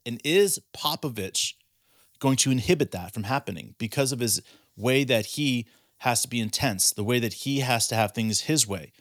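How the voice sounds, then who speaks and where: A man in a casual sports talk show, building his argument with questions he answers himself. His voice sits at a middle pitch and sounds dry and close, with no room around it. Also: moderate pace, no echo. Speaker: podcast co-host.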